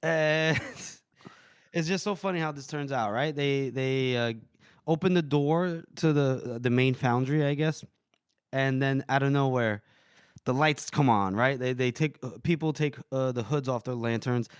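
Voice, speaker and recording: A man's voice: mid-range voice, unhurried, clear, resonant tone, no room sound, clean studio sound. A man co-hosting a book podcast, retelling scenes casually and acting out characters' lines. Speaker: podcast co-host.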